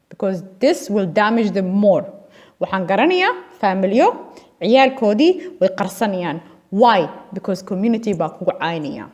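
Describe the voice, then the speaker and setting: Impassioned woman, lively pitch. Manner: switches between Somali and English, pleading and scolding. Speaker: community vlogger. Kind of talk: impassioned appeal to camera.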